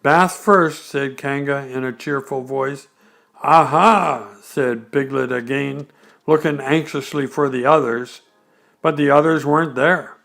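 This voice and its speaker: A man reading a bedtime story aloud, unhurried and gentle. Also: medium pitch, level tone, gravelly.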